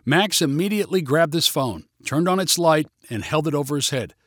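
A man narrating a story in a steady, plain reading manner. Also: fairly high pitch, normal speed, hardly any pauses, no echo, studio quality.

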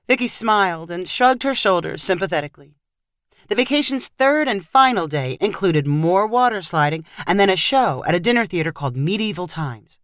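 A woman giving an expressive scripted narration of a short family story. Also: fairly low pitch, brisk, no room sound, clean studio sound.

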